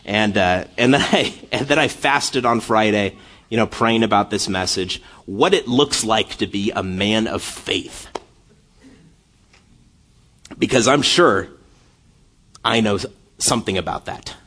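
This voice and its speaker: A man's voice: lowish voice, unhurried, fairly bright tone. A man in his thirties preaching a sermon, telling self-deprecating stories with frequent laughs and building to impassioned intensity. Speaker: pastor.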